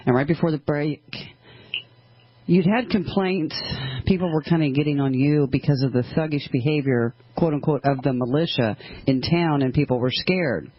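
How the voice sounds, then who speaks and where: A man hosting a radio talk show, who breaks for commercials and introduces the guest in a brisk, friendly way. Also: a little high, a little hiss or hum. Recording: dull, muffled audio with music underneath.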